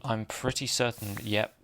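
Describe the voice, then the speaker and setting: A man's voice: mid-range voice, vocal fry, fairly bright tone, a little hiss or hum. A man hosts a casual Minecraft let's play, chatting in a self-deprecating way and laughing often. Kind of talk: casual gameplay commentary.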